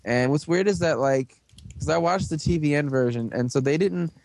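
A young man hosting a casual chat, rambling through a recap with lots of fillers and quick put-on voices for the characters. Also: on the high side, darkish tone. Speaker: podcast host recapping a show.

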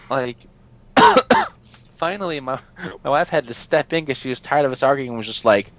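A man telling a story in casual chat, animated and exasperated, swearing freely and laughing often as he talks. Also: mid-range voice, no echo, highs cut off. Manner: laughs often while talking. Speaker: podcast co-host telling a story.

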